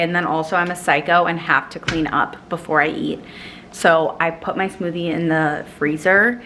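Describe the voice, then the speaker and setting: A young woman chats through her morning in a home kitchen, rambling and hedging with lots of fillers. The recording has a clear layer of background noise. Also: on the low side. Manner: chatty, rambling, filler-heavy. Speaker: vlogger. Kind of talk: casual kitchen vlog chat.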